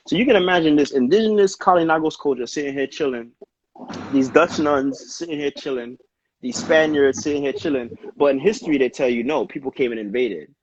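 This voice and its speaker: A man in casual conversation, spinning a story with loose, slangy energy and a mid-range pitch. The audio is slightly dull and lo-fi, with a faint hiss of noise underneath. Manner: slangy, animated storyteller, frequent "yo" and "you know what I mean". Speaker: dancer and podcast co-host.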